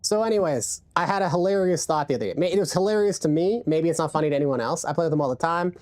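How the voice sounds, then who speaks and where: A woman's voice: low voice, expressive, very fast, a little mellow. A woman game streamer chatting casually and profanely, rambling with many restarts into a desk mic. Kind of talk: casual live-stream chat.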